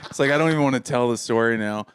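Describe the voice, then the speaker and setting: A man's voice: mid-range voice, racing, smooth. A man co-hosting a comedy podcast, rambling and trailing off with self-deprecating humor. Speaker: podcast co-host and stand-up comedian. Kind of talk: casual comedy podcast chat.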